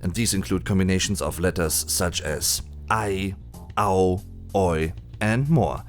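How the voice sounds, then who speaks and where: A man giving a voice-over lesson on pronunciation, patiently spelling out and demonstrating sounds slowly. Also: sits low, faint music behind. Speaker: German language teacher. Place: indoors at home during a thunderstorm. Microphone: voice-over, no camera.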